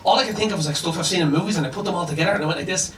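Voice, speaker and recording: Fast-talking male stand-up comic, echoey club. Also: sits high, distant mic, heavy background noise. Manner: animated storytelling, acting out dialogue. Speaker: stand-up comedian. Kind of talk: stand-up set. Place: comedy club on a boat. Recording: echoey club with audience laughter. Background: audience laughter.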